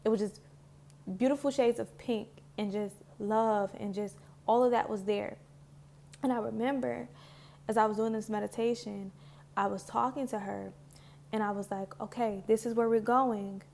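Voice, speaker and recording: Earnest woman with a gravelly, fry-edged voice. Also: mid-range voice, fairly even intonation, moderate pace, warm tone, a little hiss or hum. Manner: earnest and heartfelt, loose with many "like"s. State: emotional, near tears. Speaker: spiritual healing vlogger. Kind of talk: casual reflective talk to camera.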